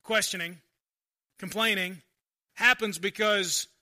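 High, piercing-voiced male pastor preaching. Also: steady tone, takes it slowly. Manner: conversational preaching, swinging between loud emphasis and quiet asides. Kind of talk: sermon.

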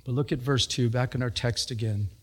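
A man's voice: fairly even intonation, a little fast. A male pastor giving a sermon in a church, earnest, repeating himself and lifting his voice for emphasis. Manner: earnest preaching that rises in pitch for emphasis, with frequent repetitions.

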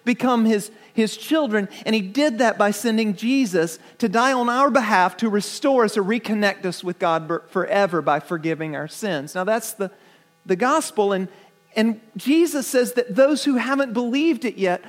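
A man preaches to his church in a strikingly high voice. He talks earnestly, stumbling over repeated words as he builds his points. He keeps turning to the congregation with questions. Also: moderate pace. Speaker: pastor. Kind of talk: sermon.

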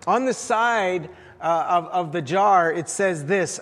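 A man's voice: sits high, slow pace, fairly bright tone. A man preaching a sermon as pastor, telling stories with many fillers and restarts. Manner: storytelling with frequent fillers and restarts. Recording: long reverb of a large hall.

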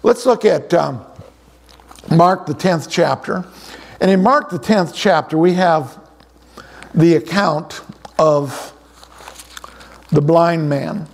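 A man's voice: a little high, slow pace, vocal fry, long pauses. A middle-aged man preaching a conversational sermon, often repeating words as he restarts his sentences. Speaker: pastor.

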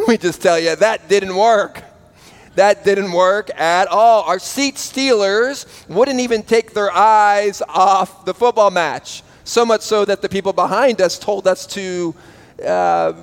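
High-voiced pastor preaching in a reverberant sanctuary. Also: male voice. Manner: storytelling, builds to emphatic exhortation. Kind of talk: sermon. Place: church sanctuary. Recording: long reverb of a church hall.

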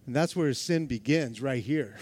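A man preaching a sermon as pastor, laughing often and acting out quotes, moving from loud to hushed. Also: medium pitch, animated, a little slow.

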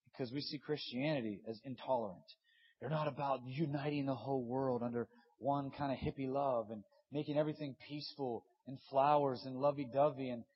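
Husky impassioned male preacher in his thirties. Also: on the high side, lo-fi sound. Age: 30s. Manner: impassioned, swings from loud urging to hushed. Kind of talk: sermon.

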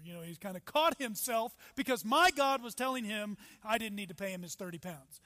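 A man preaching a sermon as pastor, with emphatic rises and sudden soft drops. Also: high-pitched, lively intonation, a little fast, few pauses. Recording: long hall reverb.

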